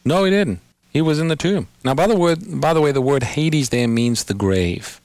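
A man hosting a call-in radio Bible program, patiently explaining scripture and slowing down to quote verses. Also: fairly high pitch, lively intonation, a little mellow, dry recording. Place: radio studio.

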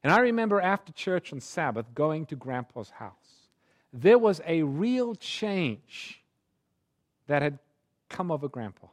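A man preaching a sermon through a personal story, his delivery swinging from hushed tones to fervent pleading. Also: fairly high pitch, sing-song, measured pace.

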